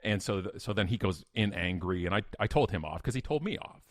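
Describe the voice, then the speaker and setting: A man's voice: low voice, lively intonation, fairly quick, few pauses, no echo, studio quality. A middle-aged man, a podcast guest telling a personal story in a blunt, emphatic, self-mocking way. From Canada.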